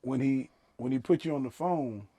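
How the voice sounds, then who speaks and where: A man's voice: mid-range voice, normal speed, mellow. A man hosting a casual interview, laid-back and joking crudely. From Louisiana. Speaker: host.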